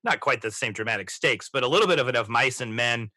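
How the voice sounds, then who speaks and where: A man in his thirties hosting a podcast, reflecting in a halting way with many restarts as he talks through a film. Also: mid-range voice, expressive, sharp tone, no room sound. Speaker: podcast host. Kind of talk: casual movie discussion.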